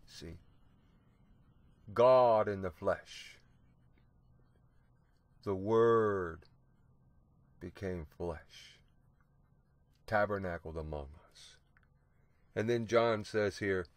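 A man's voice: fairly low pitch, no echo. A man teaching the Bible on the radio, reading scripture aloud with emphasis and breaking in with hallelujahs and rhetorical "see?". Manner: exclaims hallelujah, asks "see?"; reads old scripture wording slowly and emphatically.

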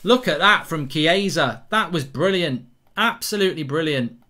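English male football host, live reactions, hot-headed and foul-mouthed, bright tense voice. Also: on the high side, normal speed. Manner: excitable, swearing, rants at the match. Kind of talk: live football watchalong commentary.

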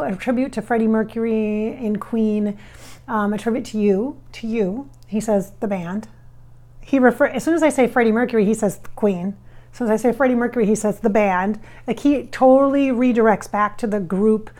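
A woman's voice: on the high side, darkish tone. A woman working as a psychic medium, talking through a channeling session in a chatty, rambling way. She often corrects herself as she goes.

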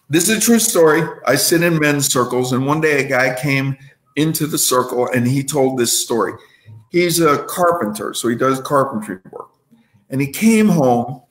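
A man speaking as an inspirational guest on a video call, telling stories and checking in with the listener. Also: mid-range voice. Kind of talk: motivational talk. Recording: roomy echo.

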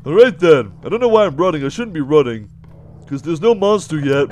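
A man giving jumpy, excitable commentary while playing a horror game, often yelling and laughing nervously. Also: high voice, brisk, a little hiss or hum. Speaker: let's play gamer.

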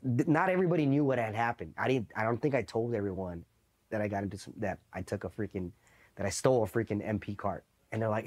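A man's voice: lowish voice, fast talker. A man from East Los Angeles, a Marine veteran in his thirties, telling war-era stories in a loose, profane way and acting out the voices of others. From East Los Angeles, USA. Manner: profane, animated, acts out quoted voices. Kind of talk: casual storytelling interview.

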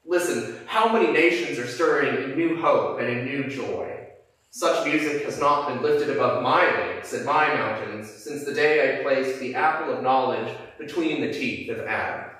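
A man preacher reading aloud the lines of a gloating male Satan, ruler of hell, in a steady voice. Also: mid-range voice, normal speed, lightly acted. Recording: echoey church from a distance.

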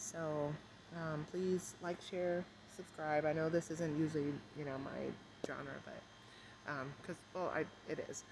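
A stressed, emotional woman vlogging at home, rambling softly with many fillers and keeping her voice low. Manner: rambling, many fillers, kept deliberately quiet. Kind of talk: casual rambling vlog chat. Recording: noisy home recording.

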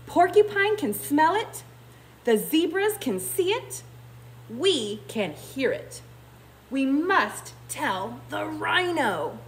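A woman voices a troop of lively storybook baboons, high and eager. The voice is lively and bouncy, with a faint hum underneath. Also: extremely slow, exaggerated voice. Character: group of lively baboons spreading the news.

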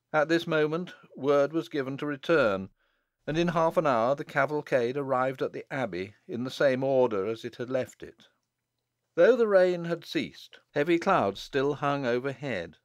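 A man narrating a classic novel audiobook in a measured, dramatic storytelling manner, close to the mic. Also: medium pitch, no room sound. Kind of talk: scripted narration.

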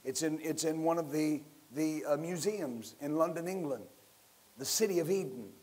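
A man preaching a sermon as pastor, building to loud emphatic bursts and leading his listeners in call-and-response. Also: fairly high pitch, normal speed, slightly rough.

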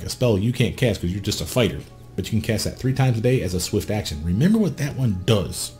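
A man's voice: on the low side, mellow. A man talking casually and bluntly through a game character build, swearing freely and asking the viewer questions. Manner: blunt, profane, conversational. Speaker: gameplay guide host.

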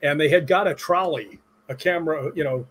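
Middle-aged guy from chicago, husky voice, kinda high, telling stunt stories with lots of acted quotes. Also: a little fast. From Chicago, USA. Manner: animated anecdotes with acted-out quotes. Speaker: stuntman guest. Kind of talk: casual storytelling interview.

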